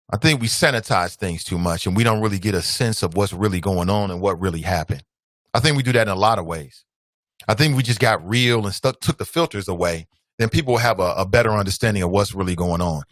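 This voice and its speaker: A man's voice: on the low side, a bit bright, no room sound. A male talk show host speaking earnestly and directly to his audience, whom he calls family. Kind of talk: casual commentary.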